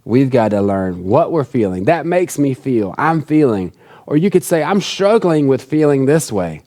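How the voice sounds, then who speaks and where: A man's voice: mid-range voice, big pitch swings, normal speed, warm tone. A man preaching a sermon in an earnest, conversational way, repeating key phrases for emphasis. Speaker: pastor.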